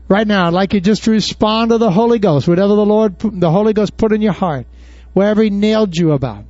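A man preaching a sermon in a folksy, animated way, full of rhetorical questions, then leading a prayer. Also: high-pitched, fast talker, no room sound, dull audio. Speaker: pastor.

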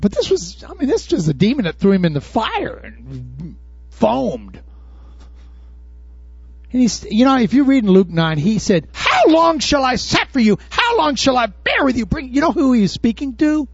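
A man preaching a sermon in a folksy, animated way, full of rhetorical questions, then leading a prayer. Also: high voice, moderate pace, slightly rough, no echo, highs cut off. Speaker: pastor.

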